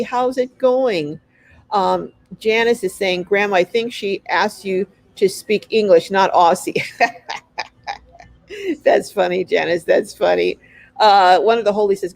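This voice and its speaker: Effusive woman livestream host, mid pitch, dry close sound, reads and greets chat viewers. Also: a little mellow, dry recording. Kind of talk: casual live chat.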